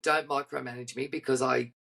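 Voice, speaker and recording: A woman's voice: a bass voice, fairly even intonation, fairly quick, vocal fry, fairly bright tone. A woman in casual chat, talking bluntly and straight about standing up for herself at work.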